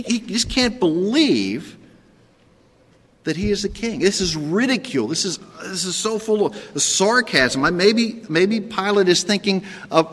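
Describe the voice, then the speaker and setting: Man preaching in an echoing hall. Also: a bit bright. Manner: conversational preaching with repeated "okay?" checks; acts out Pilate's sarcastic lines in a higher voice. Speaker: pastor. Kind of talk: sermon.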